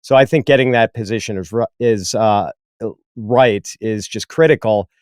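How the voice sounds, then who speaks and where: Very deep-voiced man, easygoing and measured. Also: darkish tone, clear, resonant tone, no echo, clean studio sound. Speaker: podcast co-host. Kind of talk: casual sports analysis chat.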